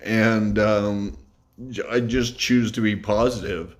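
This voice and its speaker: Earnest guy talking to his camera, thinks out loud, stops and fixes what he says. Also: fairly low pitch, fairly even intonation, slow. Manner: earnest, reflective, with fillers and self-corrections. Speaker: YouTube vlogger. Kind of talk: casual talk to camera.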